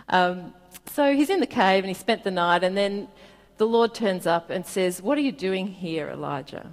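Gentle woman preaching in a reverberant hall. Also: medium pitch. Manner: gentle, reflective, laughs softly at times. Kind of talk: sermon with Bible reading.

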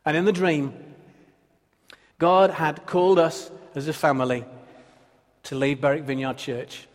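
Earnest male preacher, slightly high voice, long church reverb. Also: fairly even intonation, unhurried. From Britain. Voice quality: earnest, builds through repeated phrases. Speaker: pastor. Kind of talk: sermon.

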